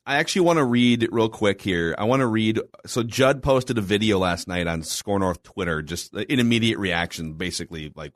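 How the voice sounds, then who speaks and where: A man's voice: fairly low pitch, normal speed, few pauses, no room sound, clean studio sound. A man co-hosting a sports talk show, bantering in an easygoing, playful way. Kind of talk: casual sports radio banter.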